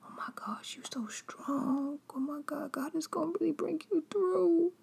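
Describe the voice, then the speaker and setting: A woman voicing a gushing, fake-sympathetic female friend who talks high, breathy and overly sweet. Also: unhurried, darkish tone, full character voice.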